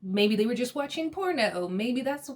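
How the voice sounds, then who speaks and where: A woman giving a casual, gossipy recap of a reality TV episode, chatty and quick to laugh. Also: a little high, expressive.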